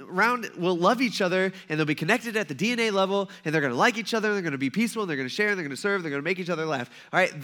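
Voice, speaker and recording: A man's voice: high-pitched, bright, forceful tone. A man in his thirties preaching a sermon in a humorous, conversational way, acting out little scenes. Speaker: pastor.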